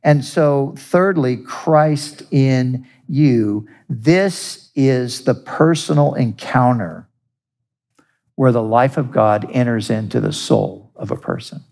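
Slow, gravelly male preacher. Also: medium pitch, darkish tone. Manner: earnest preaching, deliberate with emphatic repetition. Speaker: pastor. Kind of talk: sermon.

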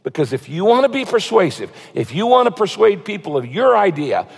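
Pastor preaching in a reverberant hall. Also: male voice, sits high, very animated, gravelly, breathy edge. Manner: emphatic, slows down to stress Bible verses. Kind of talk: sermon. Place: large church hall.

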